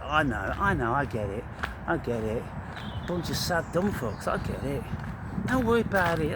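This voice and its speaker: A man with a high-pitched voice rants in a confrontational, swearing vlog monologue. He taunts and goads his listeners. He was recorded outdoors, with steady traffic noise behind him. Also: normal speed. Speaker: vlogger.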